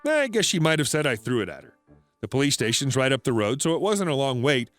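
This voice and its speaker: A man narrating an internet story in a plain, even storytelling delivery. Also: mid-range voice, quick pace, no echo, soft background music.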